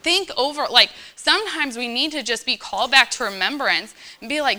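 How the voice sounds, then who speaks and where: Bright, earnest woman preaching casually. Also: high voice, expressive, moderate pace, few pauses. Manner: chatty, earnest, full of fillers and "okay?". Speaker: church speaker. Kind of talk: informal sermon to young believers.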